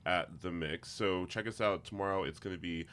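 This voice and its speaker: A man hosting a casual podcast interview, gushing and excitable with lots of fillers. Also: low voice, normal speed. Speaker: podcast host.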